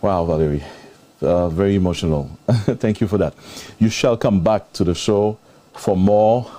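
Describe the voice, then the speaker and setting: A man's voice: low voice, normal speed, warm tone. A man hosting a live interview show, openly moved and thanking his guest at length. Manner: emotional, effusive thanks. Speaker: host.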